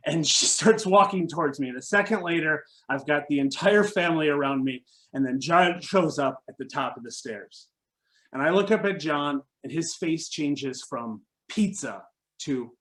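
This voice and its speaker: A man telling a personal story at a live storytelling event, wry and animated, acting out what others said. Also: a little high, normal speed.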